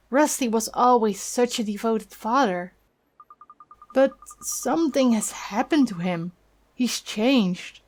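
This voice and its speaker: A woman's voice: fairly high pitch, darkish tone. Woman doing a fussy gossiping old lady. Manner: chatty, fussing, sentimental. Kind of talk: reading game dialogue aloud.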